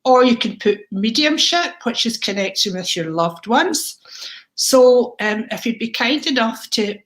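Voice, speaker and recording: A woman with a Scottish accent hosting a live stream as a psychic medium, chatting warmly and greeting viewers one by one with terms like darling and sweetheart. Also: a little high, animated, a little slow. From Scotland. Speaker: psychic medium livestream host.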